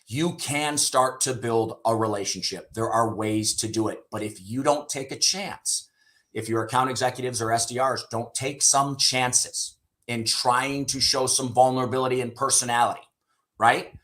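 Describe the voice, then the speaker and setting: A middle-aged sales leader, a guest on an interview show, tells stories candidly, swears casually, and often caps his points with "right?". His medium-pitched voice is a bit bright and moves at a moderate pace.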